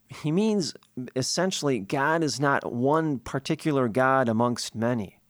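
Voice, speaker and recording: A man's voice: mid-range voice, dry recording, clean studio sound. A priest giving a sermon, explaining scripture earnestly and posing questions he then answers himself.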